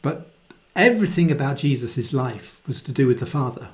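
A man giving a casual, animated Bible talk and often acting out the quoted voices in it. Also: mid-range voice, normal speed. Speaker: Bible teacher. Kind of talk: conversational Bible teaching.

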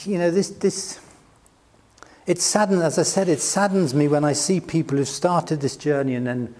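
At a moderate pace, a fairly high, darkish-toned British man in middle age preaches as a pastor. He chats with the congregation, teases himself, and laughs often.

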